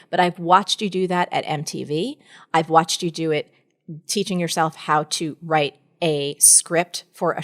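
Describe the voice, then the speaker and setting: A middle-aged woman speaks as a guest on a candid podcast, earnest and encouraging. Her voice sits a little low, and she leans into her points in emphatic bursts.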